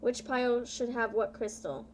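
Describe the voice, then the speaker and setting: A woman tarot reader chatting live with her viewers, bubbly and playful, often excited and drawing her words out. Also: fairly high pitch, normal speed, slight background noise. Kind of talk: casual live-stream chat with viewers.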